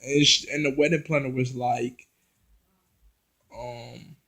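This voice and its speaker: A man casually recapping a reality TV episode, talking straight to his viewers and tripping over his words when he gets excited. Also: medium pitch, takes it slowly, vocal fry, poor audio. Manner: chatty, addresses viewers directly, restarts and stumbles when excited.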